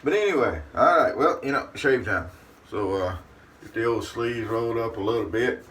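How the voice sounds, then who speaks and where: Chatting folksily to the camera from his bathroom, a man hosting a shaving channel refers to himself in the third person. His mid-range voice is fairly bright, with lively intonation at a moderate pace, and a distant mic picks up faint room noise.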